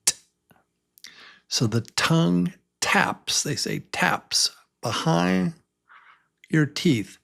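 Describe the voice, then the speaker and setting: A man leads a beginner English lesson at a very slow, careful pace, going over each sound again and again. His voice has a gravelly, creaky edge, and he patiently asks the learner to repeat after him. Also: medium pitch, fairly bright tone. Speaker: English teacher.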